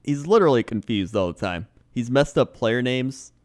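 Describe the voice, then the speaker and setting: A man's voice: medium pitch, expressive, moderate pace, a little mellow. A man co-hosting a comedy podcast, chatting casually and rambling, laughing easily. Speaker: podcast co-host.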